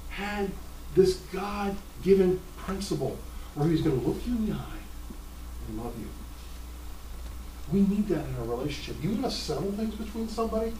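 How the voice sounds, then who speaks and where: A middle-aged male pastor delivering a sermon, telling stories in an animated, emphatic way with sudden jumps in pitch. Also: a little hiss or hum. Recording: roomy sound from a distant mic.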